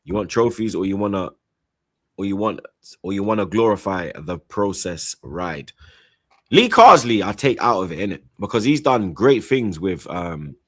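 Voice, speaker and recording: A man chatting casually on a football stream, rambling through shout-outs with slang and repeated "you get me". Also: sits low, sing-song, moderate pace, no echo, studio quality. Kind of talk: casual chat, reading out super chats.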